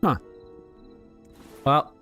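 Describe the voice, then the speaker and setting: A man chatting casually on a game livestream, rambling and relaxed as he talks to his viewers while playing. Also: extremely slow, faint music behind. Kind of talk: casual gaming livestream chat.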